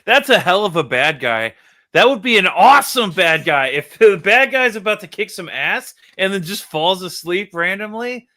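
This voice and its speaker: A man with a bright, forceful voice chats casually about comics and laughs easily, often restarting his sentences. His voice sits in a middle range. The sound is dry and close, with no room echo. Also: high-pitched, expressive, moderate pace. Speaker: podcast co-host reviewing comics. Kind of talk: casual chat.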